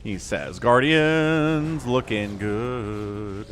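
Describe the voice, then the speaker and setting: A man's voice: medium pitch, drawn-out words, soft background music. An American man giving casual, joking livestream commentary on a strategy game and chatting with viewers. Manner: chatty, joking, reads chat aloud.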